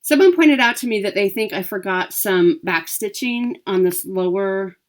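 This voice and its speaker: Speaking at a normal speed with lively intonation, a woman with a mid-range voice vlogs about cross-stitch purchases and giveaways. Her chat to camera is upbeat and full of ums and self-corrections.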